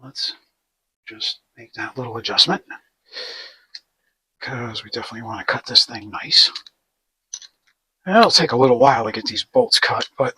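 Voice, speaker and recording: Man hosting a garage DIY video, unhurried, husky and bright, rambling and self-mocking. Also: medium pitch. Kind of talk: casual how-to narration while working. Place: home garage workshop.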